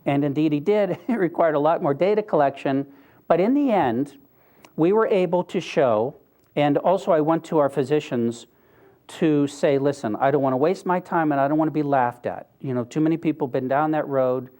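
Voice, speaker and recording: A man's voice: on the high side, moderate pace, dark tone. An older man giving an earnest, conversational talk, telling a personal story with wry asides. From Pennsylvania, US. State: briefly choked up. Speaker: speaker.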